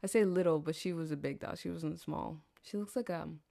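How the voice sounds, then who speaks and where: Chatty, profane Southern woman, gravelly. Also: low voice, fairly quick, dark tone. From American South. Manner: chatty, profane, laughs often, trails off. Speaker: podcast host. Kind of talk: rambling storytelling monologue.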